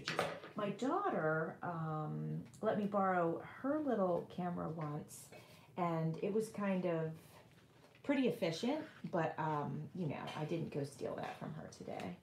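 A woman's voice: fairly low pitch, very animated, a little slow, echoey room, a little hiss or hum. A middle-aged woman hosting a casual crafting livestream from her home craft room, chatting and rambling as she works and reads viewers' comments aloud.

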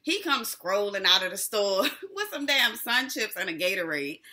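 A woman hosts a casual recap of a TV episode, talking in loose slang and breaking into laughter often. Her voice is bright and swings widely in pitch as she gets worked up. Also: big pitch swings, moderate pace. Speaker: TV recap host.

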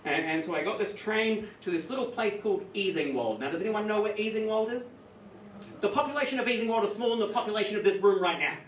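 A man with a high, bright voice tells an animated, profane story as a live stand-up comic. He is heard from a distance in an echoey club room. Faint room ambience sits underneath. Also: fast talker, slight background noise. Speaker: stand-up comedian. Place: comedy club stage with audience.

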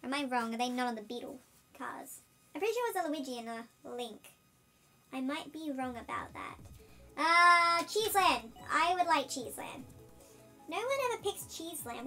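A gaming host chats through a let's-play in a high, squeaky chipmunk-filtered voice. The talk is excitable and quick to burst into shouts at the race. Loud game music plays steadily behind the voice. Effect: chipmunk pitch-shifted voice. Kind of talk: casual let's-play commentary.

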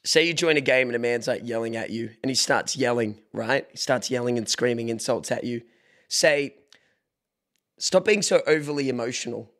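A young man chatting casually on a live stream, joking and breaking into mock shouts, recorded on a desk microphone at home. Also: medium pitch, moderate pace. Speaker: livestreamer.

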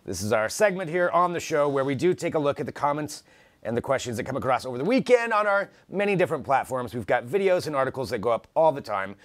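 A man's voice: medium pitch, big pitch swings, quick pace, no room sound. A man co-hosts a live tech show and chats loosely with his partner. His voice swings up and down as he reads out viewer comments. He laughs easily and keeps the tone easygoing. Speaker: co-host.

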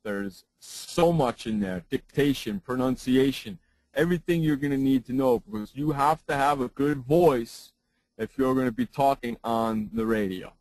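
A man's voice: mid-range voice, normal speed, a little mellow, no room sound, rough recording. A man who hosts a sports talk radio show, giving a seminar presentation on broadcasting and repeating his points for emphasis into his own broadcast microphone.

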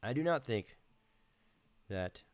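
A man hosting a casual live stream, talking in a relaxed, rambling way with lots of fillers, from home. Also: mid-range voice, slow pace.

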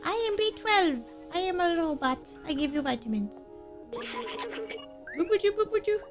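A woman's voice: very high voice, expressive, measured pace, faint music behind, pitched above the performer's own voice. A woman doing a chirpy little robot. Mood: playful. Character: small chirpy helper robot, friendly.

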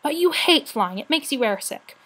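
A woman voicing a young male dragon, earnest and stubborn, speaking quietly and crossly in a storybook reading. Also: high-pitched, lively intonation, moderate pace, voice pushed up, rough recording. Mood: exasperated.

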